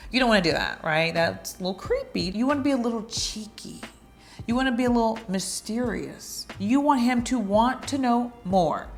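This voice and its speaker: A woman's voice: a little high, animated, moderate pace, faint music behind. A woman vlogger giving dating advice in a chatty, playful way, now and then acting out little flirty lines. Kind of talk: casual advice talk to camera.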